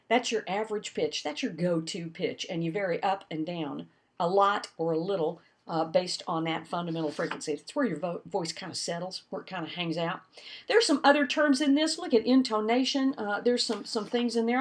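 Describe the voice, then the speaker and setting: A woman giving a recorded lecture as an instructor, animated and demonstrating points with her voice. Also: mid-range voice.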